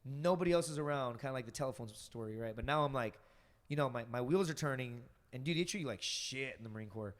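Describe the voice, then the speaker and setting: Fast-talking profane man telling stories. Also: mid-range voice, in a large hall. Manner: rambling and heavily profane, full of fillers. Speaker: podcast guest, stand-up comic. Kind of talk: casual storytelling on a podcast.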